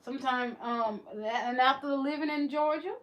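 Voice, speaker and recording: A woman's voice: high-pitched, normal speed, muffled recording. A woman hosting a livestream for her beauty business, talking candidly in a rambling way with many restarts. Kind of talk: casual livestream chat.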